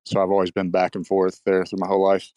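A man's voice: low-pitched, completely flat delivery, fast, warm tone, no echo. A man from Kentucky with a Kentucky accent, wry and laid-back in a casual chat.

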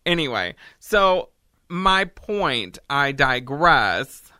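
A comedian hosting a casual chat, rambling and joking with quick tangents. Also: mid-range voice, very animated, sharp tone, no room sound, clean studio sound. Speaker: comedian and host.

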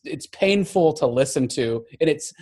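Animated, laughing man reviewing a film. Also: a little high, a little slow, slightly rough. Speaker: podcast co-host. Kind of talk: casual movie review chat.

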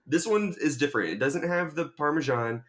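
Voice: mid-range voice, lively intonation, fairly quick, a bit bright. A podcast co-host telling stories in casual chat and laughing often. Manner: chatty storyteller, laughs often.

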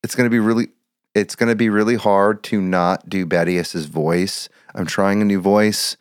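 A man's voice: fairly low pitch, steady tone, moderate pace, clear, resonant tone, dry recording, studio quality. A man in casual podcast chat as a tabletop game player, rambling and restarting his sentences, laughing often, talking into a headset microphone.

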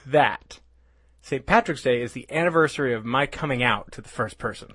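Wry, teasing young man with a husky voice. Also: mid-range voice, fairly quick, fairly bright tone, no room sound. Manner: wry, teasing, laughs often. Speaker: podcast co-host. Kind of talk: casual comedy chat.

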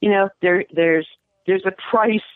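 A woman screenwriter talking candidly in an interview, lively and laughing, her voice jumping high when she gets animated. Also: unhurried, no echo. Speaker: screenwriter guest. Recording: tinny phone-like line.

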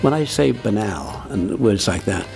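Gravelly-voiced man, halting chat. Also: on the low side, expressive, a little mellow, soft background music. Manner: halting, full of restarts and fillers. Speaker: guest, impressionist performer. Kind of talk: conversational interview.

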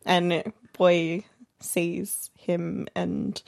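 Lower-voiced woman telling an amused story. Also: flat delivery, very slow, vocal fry, a little mellow. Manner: storytelling, amused, laughs as she talks. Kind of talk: casual chat.

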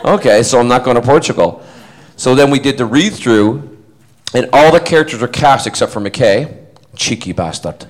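A man born in Scotland tells a rambling, animated anecdote to fans at a convention panel. He acts out the voices in his story and laughs often. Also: mid-range voice, moderate pace, low-quality recording. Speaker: actor telling a story to fans.

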